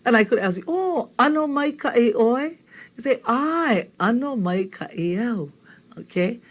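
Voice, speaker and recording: Slow, patient woman teacher. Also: on the high side, animated. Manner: warm-toned coaching, repeats phrases slowly for learners. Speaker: language teacher. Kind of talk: slow, patient spoken lesson.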